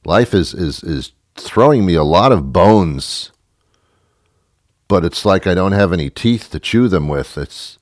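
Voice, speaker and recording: A man telling a ranting comic story, mocking himself and swinging from loud outbursts to mutters. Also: sits low, animated, measured pace, dry recording, studio quality. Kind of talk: comedic storytelling monologue.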